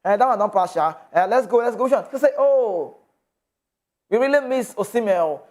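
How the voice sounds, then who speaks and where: A man's voice: high voice, animated, normal speed, darkish tone. A man with a Nigerian accent hosting a football news show, chatty and loose, slipping into pidgin asides. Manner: chatty, mixes in pidgin asides, laughs often. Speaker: sports show host. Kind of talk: casual football news commentary.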